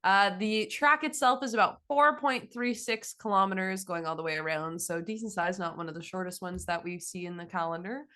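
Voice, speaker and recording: A woman's voice: medium pitch, steady tone, a little fast, hardly any pauses, bright, forceful tone. A woman from Canada co-hosting a podcast, chatting in an upbeat way and reading out facts. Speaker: podcast co-host. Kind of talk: casual chat.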